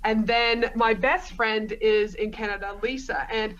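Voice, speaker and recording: A woman's voice: on the high side, steady tone, measured pace, fairly bright tone, muffled recording. A woman from Australia, a podcast guest telling her story in a rambling, chatty way. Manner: rambling, storytelling, frequent fillers. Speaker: podcast guest, business coach. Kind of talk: conversational interview.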